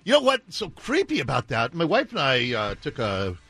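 Animated, lively-pitched male radio host. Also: moderate pace, husky, no room sound, soft background music. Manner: animated, ranting, sarcastic. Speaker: radio talk show host. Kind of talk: opinionated radio talk. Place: radio studio.

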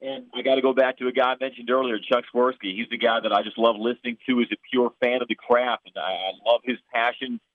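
A man's voice: medium pitch, steady tone, fast, hardly any pauses, no echo. Chicago-accented man on a tinny phone line. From Chicago area. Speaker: play-by-play broadcaster. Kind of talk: podcast interview answers.

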